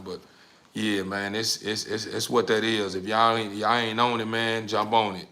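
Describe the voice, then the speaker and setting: A man's voice: on the low side, little pitch movement, moderate pace, pushed and bright. A young man hosting a casual live stream, laid-back and drawling, repeating words as he reads viewer comments.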